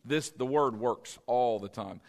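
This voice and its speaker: A man's voice: medium pitch, unhurried, darkish tone. Pastor man preaching in an echoing hall. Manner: repeats key words and asks the congregation questions. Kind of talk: sermon. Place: church sanctuary with congregation. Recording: long reverb of a large church hall.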